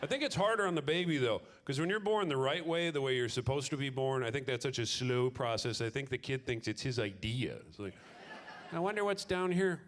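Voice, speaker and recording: A man doing a stand-up comedy set on stage, animated and leaping into loud, high acted voices. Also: brisk, hardly any pauses. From Minnesota. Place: stage before a live audience.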